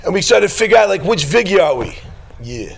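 A man's voice: high voice, very animated, gravelly, slight background noise. A man teaching a group in an informal religious talk. He jokes and wanders off topic, then rises to an emphatic preaching tone. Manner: joking, digressive, quick to laugh. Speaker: teacher leading a class.

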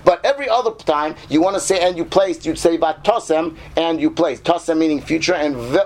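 Man, Torah teacher, slightly high voice, keeps asking "right?", stretches Hebrew words. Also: darkish tone. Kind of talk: casual Torah class.

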